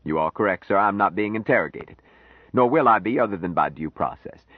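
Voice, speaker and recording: Sardonic older lawyer, read by a male audiobook narrator; deep, measured, dry close recording. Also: animated, husky, no echo, phone-quality sound. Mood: dry, firm.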